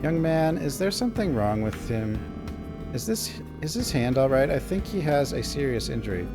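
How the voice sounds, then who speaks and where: A man voicing a gentle, sweetly polite elderly woman prisoner in a game, raising his voice higher. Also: very animated, normal speed, music in the background.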